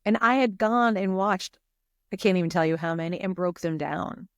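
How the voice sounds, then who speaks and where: A woman talking as a podcast guest in a casual conversation, expressive and emotional, speaking openly about personal feelings. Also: on the low side, moderate pace, dry recording, studio quality.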